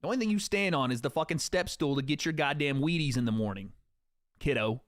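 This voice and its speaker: Animated young man streaming to chat. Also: fairly high pitch, fast, no echo, studio quality. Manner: profane, joking, talks to chat. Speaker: streamer host. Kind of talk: casual livestream chat.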